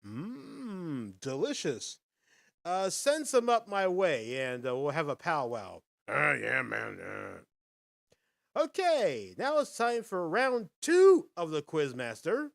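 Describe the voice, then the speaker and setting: Lively, animated male podcast host. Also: sits high, slow, no room sound, clean studio sound. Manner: animated, folksy, addresses viewers directly. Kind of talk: casual live-stream chat and quiz.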